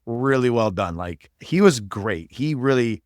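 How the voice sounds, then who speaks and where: A man's voice: medium pitch, no echo, clean studio sound. A man who is a podcast guest, chatting casually about an old movie and acting out his own reactions. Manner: fast, animated, talks through his reactions.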